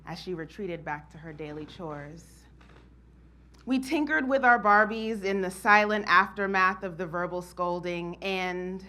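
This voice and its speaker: A woman's voice: on the low side, sharp tone. A woman from New Jersey performing a spoken-word monologue, telling her story expressively and laughing often. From New Jersey, USA.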